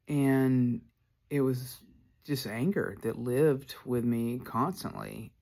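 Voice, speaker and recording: A podcast host shares a personal story in a candid, rambling way, with "like" fillers throughout. He speaks slowly in a mid-range, darkish voice marked by vocal fry.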